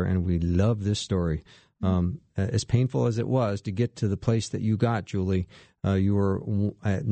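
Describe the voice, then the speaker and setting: Gravelly low-voiced male radio host. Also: dry recording. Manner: gentle, halting, with many fillers and restarts. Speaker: guest host of a radio talk show. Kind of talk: conversational radio interview.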